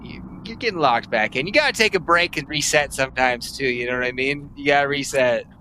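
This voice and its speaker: A man's voice: mid-range voice, fairly quick, sharp tone, a little hiss or hum, low-quality recording. A man chatting casually with a friend during a stream, easygoing and slangy with casual swearing. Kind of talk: casual gaming chat.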